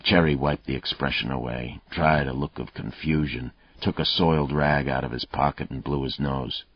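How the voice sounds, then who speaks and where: A man narrating an audiobook in a steady, even reading voice. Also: rumbling low, moderate pace, husky, no echo. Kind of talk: scripted narration. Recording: dull, muffled dry audio.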